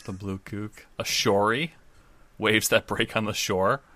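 A man with a bright, forceful edge to a lowish voice. He chats playfully and giggles as he reads out slang terms. The sound is dry and close. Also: steady tone, a little slow, dry recording. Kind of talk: casual chat.

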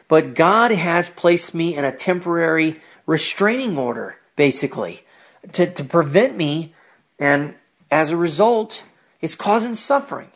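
A man's voice: fairly high pitch, animated, unhurried, a bit bright. A man giving personal religious commentary on his own show, earnest and reflective. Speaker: podcast host with a ministry.

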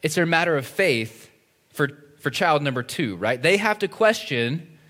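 A pastor delivering a conversational sermon, often asking "right?" and acting out quoted voices. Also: male voice, fairly high pitch, expressive, moderate pace, a bit bright.

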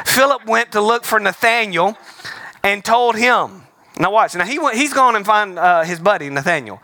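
A man's voice: sits high, lively intonation, moderate pace, pushed and bright, dry recording. A man preaching as a pastor, conversational and emphatic, repeating his key words. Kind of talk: sermon.

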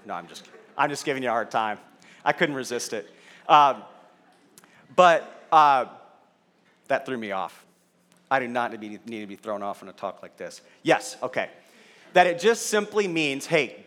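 A man's voice: medium pitch, fairly bright tone. A middle-aged man, a pastor, teaching a sermon in a conversational way, checking in with his audience and teasing the room. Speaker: pastor teaching a Bible study.

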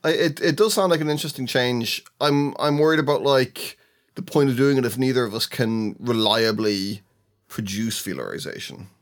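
A man's voice: mid-range voice, normal speed. A man co-hosting a casual podcast discussion who answers in brief, thoughtful replies. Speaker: podcast co-host.

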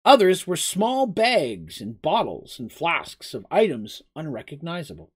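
An expressive storyteller reading a fantasy tale aloud, with a voice that rises and falls in a lively way. The speaker now and then drops the script to chat directly with the listeners. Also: medium pitch, a little slow, breathy edge.

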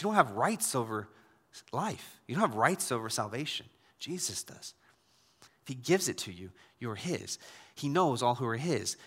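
A man's voice: medium pitch, a bit bright, long reverb tail. A man preaching a sermon as pastor, in a conversational style that slips into acted asides.

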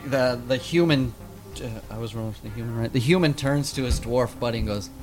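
A man running a tabletop game as game master, describing scenes in a relaxed, descriptive way. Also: medium pitch, a little fast, soft background music. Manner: descriptive, laughing easily.

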